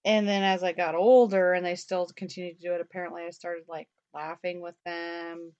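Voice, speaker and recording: A young woman with a lowish voice chats loosely as a co-host, stringing thoughts together with lots of "like" and the odd curse. The recording is dull and lo-fi. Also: flat delivery, normal speed, darkish tone. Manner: rambling, chatty, peppered with "like" and mild swearing. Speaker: podcast co-host. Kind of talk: casual chat.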